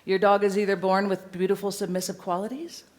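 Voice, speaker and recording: A woman dog trainer teaching a seminar audience in a lively, playful way, sometimes acting out a dog's voice. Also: mid-range voice, a little fast.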